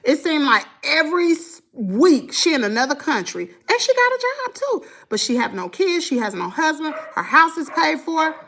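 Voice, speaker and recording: High, lively Southern mother vlogging. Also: moderate pace, few pauses, a little hiss or hum. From Southern United States. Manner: animated, scolding and chatty. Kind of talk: casual chat to viewers while dressing her child.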